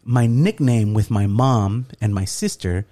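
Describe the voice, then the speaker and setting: A man's voice: lowish voice, a little slow. A middle-aged man telling a story in casual chat, acting out the lines he quotes and laughing often. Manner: animated, acts out quoted dialogue, laughs often. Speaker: podcast co-host.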